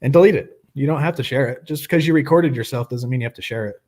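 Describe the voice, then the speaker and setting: A man's voice: medium pitch, fast, crowd noise. Chatty joking man hosting a live stream. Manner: joking, chatty, laughs often. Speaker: host of a live recovery meeting. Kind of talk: casual livestream chat. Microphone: webcam.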